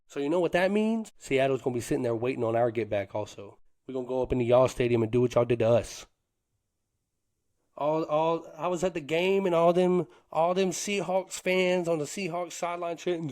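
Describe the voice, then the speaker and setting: His voice is medium in pitch with a darkish tone. He's a sports podcast co-host whose fan talk is hyped and boastful, full of Southern slang like "them boys" and "cuz."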